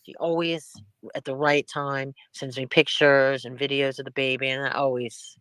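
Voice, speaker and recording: A woman's voice: very deep voice, little pitch movement, moderate pace, fairly bright tone, clean tone, dry recording. A middle-aged woman hosting a live stream in casual chat, rambling from one thing to the next and laughing often.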